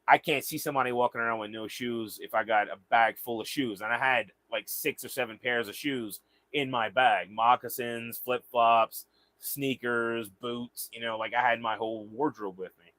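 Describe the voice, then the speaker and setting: A man's voice: mid-range voice, steady tone, moderate pace, a bit bright, no room sound. A young man from the American South telling a casual, rambling story, often repeating words as he goes. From Southern United States. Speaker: vlogger.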